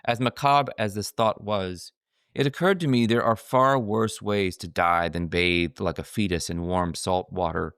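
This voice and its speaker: A middle-aged man with a slightly low voice reads his own memoir aloud, wry and self-mocking. The recording is dry and close, with no echo around the voice. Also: steady tone, unhurried, a bit bright, smooth. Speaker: author narrating his own book. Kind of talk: scripted memoir narration.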